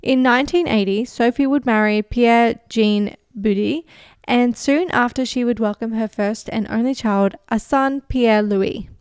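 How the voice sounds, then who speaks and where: Smooth-voiced Australian woman telling a story. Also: fairly high pitch, a little slow, hardly any pauses, no echo, studio quality. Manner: relaxed storytelling with frequent "like" and "um". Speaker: podcast host. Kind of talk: casual true-crime chat, reading notes.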